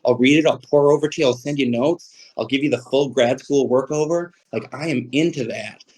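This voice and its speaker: Rambling, profane poet. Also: male voice, medium pitch, brisk, darkish tone, poor audio. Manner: rambling, profane and self-mocking. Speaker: poet giving a reading. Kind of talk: casual livestream talk about poetry.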